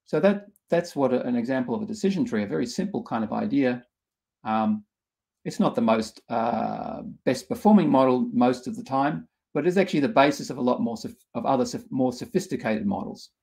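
A middle-aged man leads a live online workshop, explaining ideas patiently and step by step. His voice has a gravelly edge and sits at an ordinary middle pitch for a man. He trips over his words often, backing up and restarting his sentences as he thinks aloud. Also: expressive, a little fast, darkish tone. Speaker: workshop instructor.

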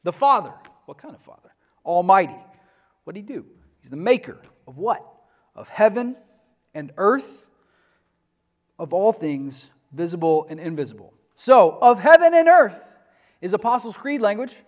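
A man's voice: high voice, sing-song, normal speed, pauses often. A man lecturing a class on church history in a conversational way, often asking the students questions.

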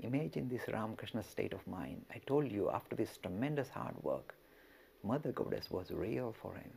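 A male religious lecturer telling a story in an expressive way and speaking directly to his listeners. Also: lowish voice, moderate pace, vocal fry, a little hiss or hum.

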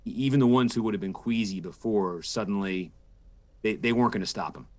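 A man's voice: lowish voice, a little fast, a little mellow. A man in his forties, a political correspondent, giving thoughtful interview answers with frequent restarts and fillers. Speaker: political correspondent and podcast host, guest.

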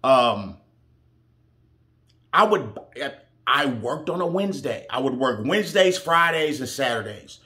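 A man's voice: mid-range voice, animated, measured pace, long pauses, bright, forceful tone. A man giving reaction commentary, blunt and heated, swearing freely as he argues his point. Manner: blunt, heated, profane, preachy. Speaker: reaction show host.

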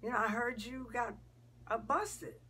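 A man's voice: extremely high pitch, a little slow, bright, forceful tone, slight background noise, voice pushed up, heavily acted. A woman voicing a brash, flirtatious man full of bravado, talking in a teasing, boastful way.

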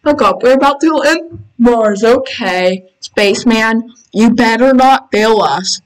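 A woman hosting a gaming channel, giving excitable casual commentary while playing and reading game text aloud, squealing when panicked. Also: a little high, slow pace, rough recording. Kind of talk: casual let's-play commentary.

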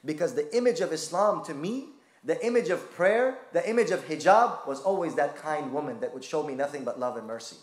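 Impassioned preacher with a fairly high voice. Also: male voice, expressive, a little fast, roomy sound. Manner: impassioned storytelling. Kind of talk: sermon.

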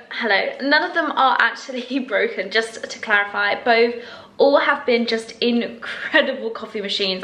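A woman's voice: mid-range voice, fairly bright tone. A young woman chatting casually in a home vlog, bubbly and effusive, laughing often as she talks. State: out of breath. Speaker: lifestyle vlogger. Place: her flat at home.

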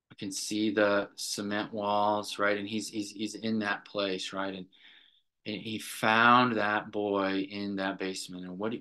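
A middle-aged clinical director with a lowish, sharp-toned voice earnestly describes a therapy session to a group. He often checks in with them by asking "right?".

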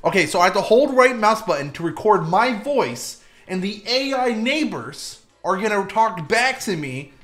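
A young man hosting a gameplay video, goofy and hyper, with sudden loud bursts and fast asides. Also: high voice, big pitch swings, soft background music. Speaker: gaming video host. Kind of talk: gameplay commentary.

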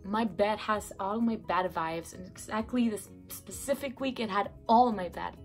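A woman's voice: mid-range voice, moderate pace, music in the background. A young woman giving casual breakup advice in a vlog, chatty and rambling, with many fillers and self-corrections, sounding a bit sick and congested from her bedroom. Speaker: vlogger. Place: bedroom at home.

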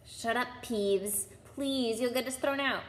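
A woman voicing a young schoolboy in a storybook reading, hushed and pleading. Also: a little high, measured pace, slight background noise. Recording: roomy with long reverb.

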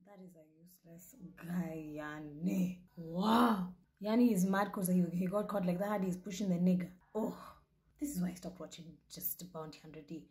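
A young Kenyan woman hosting a reaction show, talking loudly and profanely and slipping into Swahili. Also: on the low side, moderate pace. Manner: loud, profane, switches into Swahili. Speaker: host reacting to a video. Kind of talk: casual reaction commentary.

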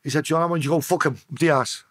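A man with a Liverpool accent telling a story as a guest on a podcast. His voice sits fairly high for a man, and it is recorded close and dry. He swears a lot and jumps into the voices of the people he is quoting, his pitch swinging up and down. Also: steady tone, racing, dry recording. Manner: profane, acts out quoted voices with sharp pitch swings. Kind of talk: casual storytelling interview.

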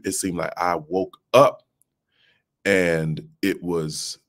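A man in his late thirties, a pastor giving a livestreamed devotional talk from an office into a phone, speaking in a preacher's cadence and calling out to his audience. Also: deep voice. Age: late 30s. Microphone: mobile phone.

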